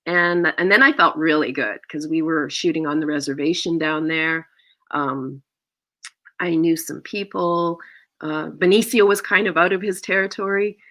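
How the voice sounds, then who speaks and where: Middle-aged actress recounting an anecdote, lower-pitched, lively, jumps up high when quoting. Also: female voice, moderate pace. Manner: acts out quoted lines with big pitch jumps and gasps. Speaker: actor, interview guest. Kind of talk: animated anecdotal storytelling.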